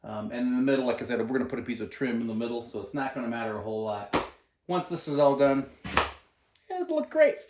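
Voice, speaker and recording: A man's voice: mid-range voice, very fast, very noisy. Chatty man in an echoey cabin. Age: 30s. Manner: relaxed, chatty, explains steps plainly. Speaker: host of a cabin-building channel. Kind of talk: casual talk to camera while working. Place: inside an unfinished cabin.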